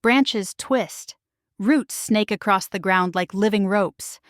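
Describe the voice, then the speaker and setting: Slowly and dramatically, a woman narrates a romance story in the first person, her voice at a medium pitch in a middle register. It's recorded dry and close, with no room sound and nothing behind it.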